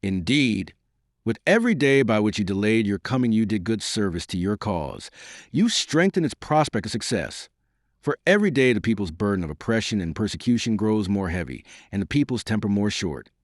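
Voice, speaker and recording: A man doing a calm, dignified conspirator. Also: fairly low pitch, no echo, clean studio sound, lightly acted. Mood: calm, measured. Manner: slow, quiet and calm. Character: calm dignified male conspirator, quietly startling.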